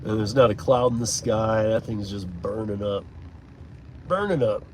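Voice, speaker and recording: A man's voice: lowish voice, moderate pace, rough recording. A man from Michigan, a rideshare driver, chats loosely with his stream while driving, rambling, chuckling and swearing casually. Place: inside a moving car. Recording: steady road noise from the car.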